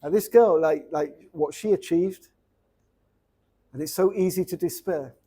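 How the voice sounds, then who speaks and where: A middle-aged man, a rabbi, giving an informal lecture to students, lively and repetitive, dropping Hebrew words into his English. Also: on the high side, unhurried, slightly rough. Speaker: rabbi teaching a seminary class. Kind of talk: informal Torah lecture with storytelling.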